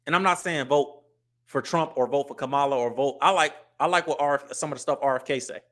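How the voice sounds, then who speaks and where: A man's voice: mid-range voice, fairly quick, a bit bright. Livestream host, married man, blunt commentary delivered emphatically and with repetition. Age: adult, married. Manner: blunt, emphatic, repeats his points.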